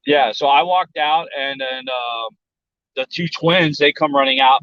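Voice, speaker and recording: A man's voice: a little high, a little slow, fairly bright tone, smooth, dry recording, muffled recording. A man from South Texas telling a story in casual chat, blunt and profane, and he acts out the voices of other people. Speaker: podcast guest.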